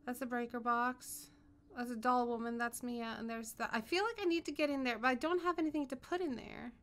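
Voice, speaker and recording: A woman's voice: a little high, brisk, a bit bright. A young woman doing horror game commentary, scared and swearing as she talks herself through it. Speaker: gaming streamer.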